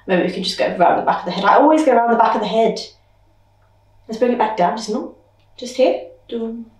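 Young female dance teacher, working out moves aloud with beat sounds, slightly high voice, picked up from across an echoey room. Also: expressive, brisk, a little mellow. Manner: vocalizes counts as beat sounds. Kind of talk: thinking aloud while choreographing. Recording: roomy echo, mic at a distance.

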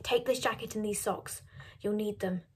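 A woman reading aloud as a worn-out middle-aged father who gives calm, hushed instructions. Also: moderate pace, husky. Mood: hushed urgent. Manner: low and hushed, firm instructions.

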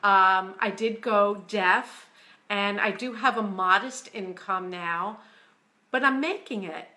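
Woman telling her own story real slow and earnest, kinda emotional, bright voice. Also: mid-range voice. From United States. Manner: slow, earnest storytelling, quiet and hushed when quoting God. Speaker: author. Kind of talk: personal testimony.

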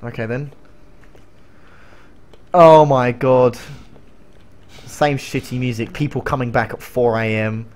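A man's voice: mid-range voice, fairly even intonation, brisk, few pauses. A young man streaming a game, rambling and joking casually with a voice that sounds strained. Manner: rambling, joking, coughing between lines.

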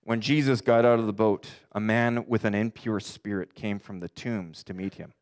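A middle-aged pastor preaching a sermon earnestly, his voice climbing for emphasis and sinking low for the darker points. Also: fairly even intonation, darkish tone. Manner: earnest preaching, rising and dropping in pitch for emphasis; quotes scripture in slow deliberate voice.

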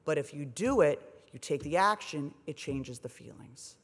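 A woman in her forties giving a comedic speech at a gala, wry and self-deprecating, with lively delivery. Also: deep voice, normal speed, in a large hall, background noise. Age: 40s. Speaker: speaker. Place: large hotel ballroom on stage.

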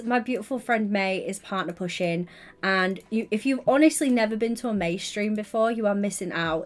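A woman chatting casually on a gaming livestream, gushing and affectionate as she greets viewers by name. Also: mid-range voice.

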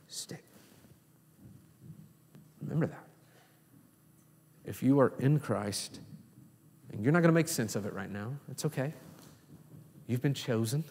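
A man preaching a sermon as pastor, swinging between hushed low lines and raised, emphatic exclamations. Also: a little hiss or hum. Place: church sanctuary. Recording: long reverb in a church hall.

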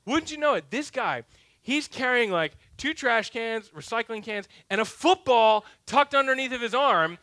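A pastor in his thirties preaches with a high, bright voice, telling a self-mocking story. His delivery swings between loud, punchy lines and hushed, quiet asides. The sound is dry and close, with little room echo. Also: animated, normal speed. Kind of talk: sermon. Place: church sanctuary.

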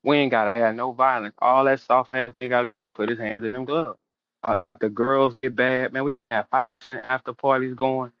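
A middle-aged man hosting a casual interview, loudly calling out a rival with brash, repetitive trash talk. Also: medium pitch, steady tone, fairly quick, dry recording. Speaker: host. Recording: dull, dry lo-fi sound.

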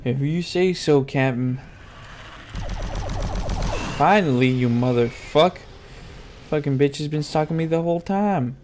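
A fairly high-voiced man swears his way through a video game, heckling the monsters and breaking into sudden loud yells. A steady background noise runs under his voice. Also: a little slow, pauses often. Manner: profane trash talk at game enemies, sudden loud outbursts. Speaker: gameplay commentator. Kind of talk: let's-play commentary.

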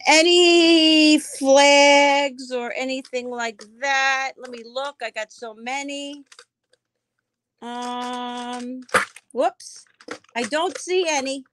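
Slow, chatty woman selling live. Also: sits high, fairly bright tone. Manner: chatty, answers viewer comments by name; describes items aloud as she handles them. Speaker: live auction seller. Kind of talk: casual live-stream selling.

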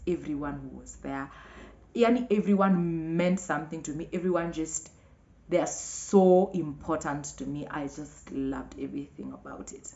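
Animated Kenyan woman vlogger, echoey room. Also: gravelly. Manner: animated, acts out others' lines with big pitch jumps. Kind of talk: casual storytelling to camera. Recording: echoey room, muffled lo-fi sound.

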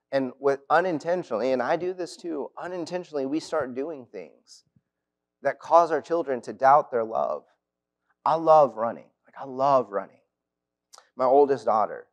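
A man's voice: medium pitch, creaky. A man in his thirties or forties preaching a sermon in a church, earnest and personal, weaving in stories from his own family. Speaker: preacher at youth lectures. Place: church auditorium.

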